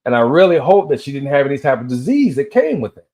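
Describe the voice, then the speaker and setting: A man's voice: mid-range voice, big pitch swings, fast, a little mellow, lo-fi sound. A man in his fifties from Tennessee, rambling through a solo rant and telling loose stories that drift between tangents. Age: 50s. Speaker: vlogger.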